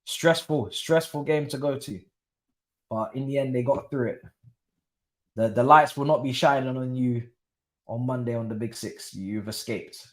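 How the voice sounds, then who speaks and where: Young bloke streaming a footy watchalong, hyped, slangy, talking to chat. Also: male voice, mid-range voice, normal speed. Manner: excitable, slangy, chatting with live chat. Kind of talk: live football watchalong commentary.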